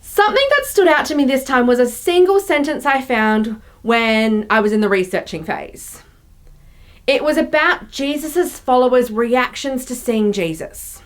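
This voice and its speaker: Young woman pastor, high voice, chatty reflective sermon delivery. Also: animated, a little slow. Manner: conversational, reflective, with playful voiced asides. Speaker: youth and young adults pastor.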